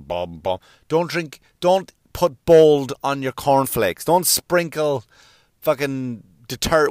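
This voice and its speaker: A man's voice: a little high, dry recording, clean studio sound. A man with an Irish accent, hosting and ranting in a sweary, sarcastic comic style. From Ireland. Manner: sweary, sarcastic, acts out silly voices. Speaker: podcast host. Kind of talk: profane comedic rant.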